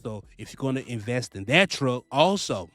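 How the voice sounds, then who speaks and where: Animated trucker man, dry close sound. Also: medium pitch, moderate pace, dry recording. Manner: animated, repetitive, preachy, swears freely. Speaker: trucking vlogger, lease purchase owner-operator. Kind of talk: casual advice vlog.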